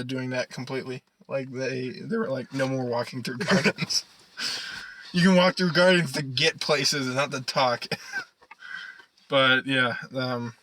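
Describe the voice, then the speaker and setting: A man's voice: on the high side, pushed and bright, slight background noise, low-quality recording. A young man co-hosting a casual podcast, rambling and swearing, laughing often. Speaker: podcast co-host. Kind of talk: casual chat.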